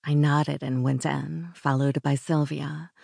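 A woman narrating a first-person romance audiobook in an intimate, breathy way that sometimes drops to a whisper. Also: low-pitched, level tone, takes it slowly, darkish tone, no room sound, studio quality.

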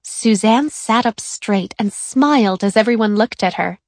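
A woman narrating a children's chapter book in a clear, even storytelling voice. Her pitch sits in the middle, and the recording is close and dry. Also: a little slow, no echo.

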